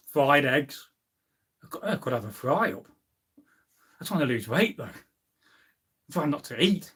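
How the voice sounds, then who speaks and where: A man hosting a casual live stream, rambling and reading out chat comments, drawing out food words slowly. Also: a little high, a bit bright.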